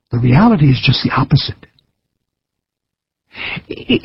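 A man preaching a recorded sermon in an earnest, measured way, with folksy stories. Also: sits high, husky, dry recording, lo-fi sound.

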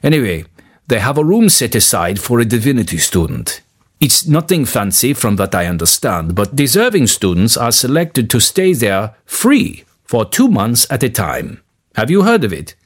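A man's voice: mid-range voice, sing-song, slightly rough. A man reading the part of a formal, courteous professor of divinity in a storybook. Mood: kindly. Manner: formal, measured speech.

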